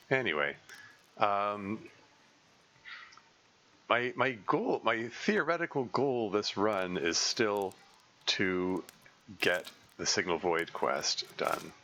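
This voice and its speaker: Low-voiced man thinking aloud while streaming. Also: lively intonation, sharp tone, slight background noise. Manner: halting, thinking aloud with many fillers and restarts. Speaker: game streamer. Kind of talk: casual live gameplay commentary.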